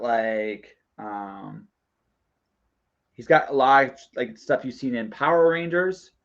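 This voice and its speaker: A man chatting casually as a guest, animated and playful, with emphatic bursts. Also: on the low side. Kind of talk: casual chat. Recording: dull lo-fi sound.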